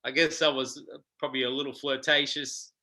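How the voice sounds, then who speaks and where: Bright-voiced Australian man telling stories. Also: medium pitch, a little fast, low-quality recording. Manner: animated, acts out quoted voices, frequent ums. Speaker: guest guitarist. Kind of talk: casual interview storytelling.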